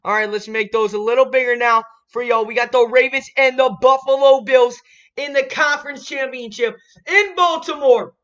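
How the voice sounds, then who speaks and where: A young man hosting a casual sports prediction vlog, hyped and swinging from quiet muttering to loud shouts. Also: extremely high pitch, steady tone, moderate pace, clean tone, muffled recording. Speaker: sports channel host.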